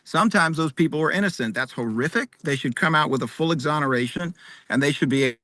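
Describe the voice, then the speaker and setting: A man's voice: a little high, fast talker, bright, forceful tone, dry recording. A man speaking as a candidate at an online forum, confidently defending his record and asking rhetorical questions. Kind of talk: debate answer. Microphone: video call.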